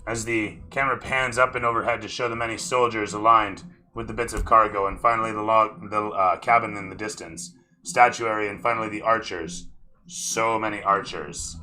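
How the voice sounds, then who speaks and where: A man's voice: lowish voice, fairly even intonation, normal speed, pushed and bright, poor audio. A man running a tabletop role-playing game as dungeon master, narrating scenes like camera shots and dropping into casual, swearing asides.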